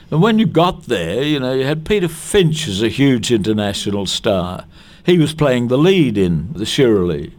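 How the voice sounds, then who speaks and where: An older man with an Australian accent spins long, rambling showbiz anecdotes in a relaxed interview. His voice sits at an ordinary middle pitch. He restarts sentences as memories catch up with him. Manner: anecdotal and chatty, with restarts and quotes acted out in other voices. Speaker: veteran actor, interviewee. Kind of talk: reminiscing interview.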